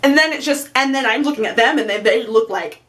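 A young woman talks straight to camera in a loose, confessional vlog, rambling and self-mocking with plenty of "like" and "you know." Her voice sits fairly high for a woman, and she keeps breaking into little acted-out quotes and laughter. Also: quick pace, a bit bright. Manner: chatty, rambling, self-deprecating, with lots of fillers. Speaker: vlogger.

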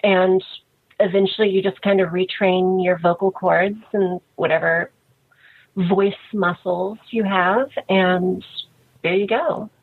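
A woman's voice: mid-range voice, takes it slowly, breathy edge, no room sound. A woman in her thirties, a guest in an interview, talking frankly and casually with lots of "like" fillers. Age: 30s. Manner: frank, relaxed, many "like" fillers. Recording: tinny phone-like line.

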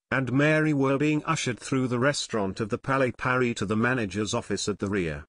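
A male audiobook narrator reading a story clearly and expressively, his pitch lively and animated. The recording is dry and close. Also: no echo. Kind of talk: scripted narration.

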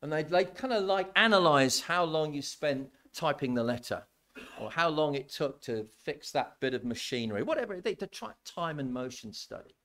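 Male preacher, slightly high voice, very lively delivery; sermon in church, chatty and emphatic. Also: normal speed. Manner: animated, conversational, repeats words when building a point.

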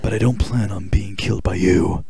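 A man doing a gruff terse soldier hero. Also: on the low side, fairly even intonation, moderate pace, mellow, no room sound, soft background music, pitched below the performer's own voice, full character voice. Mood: stern.

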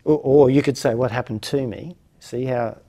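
A man's voice: mid-range voice, fairly even intonation, normal speed, mellow. A man hosting a reflective lecture series, musing aloud with many fillers and restarts. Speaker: host of a non-duality lecture series.

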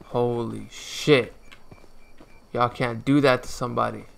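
A man's voice: mid-range voice, fairly even intonation, a little slow, vocal fry, a little hiss or hum. A young man commentating a horror video game, jumpy and talkative, addressing the viewers as y'all and swearing when startled. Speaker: gaming youtuber.

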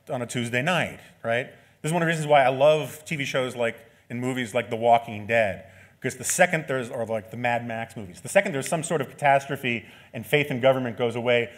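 A man's voice: mid-range voice, a bit bright. A man in his forties giving an unscripted talk as an author, with wry asides and frequent "right?" tags. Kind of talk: speaking at an event. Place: lecture venue.

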